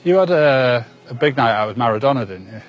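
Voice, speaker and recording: A man's voice: medium pitch, lively intonation, a little fast, highs cut off, soft background music. A man interviewing casually, asking brief prompting questions.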